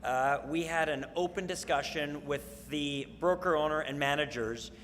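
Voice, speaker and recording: A man hosting a company event, making upbeat, brisk announcements to the audience. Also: fairly high pitch, a bit bright. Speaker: event host. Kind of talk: emcee announcements. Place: large event hall. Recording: echoey hall with crowd and faint noise.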